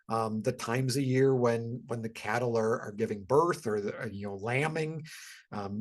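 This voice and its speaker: A man giving a casual educational webinar talk about wildlife, conversational and full of ums and restarts. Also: medium pitch.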